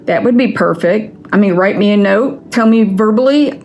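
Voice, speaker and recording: A woman's voice: medium pitch, normal speed, hardly any pauses, darkish tone, slight background noise. A woman vlogger ranting in a casual vlog, angry and frustrated, with frequent swearing.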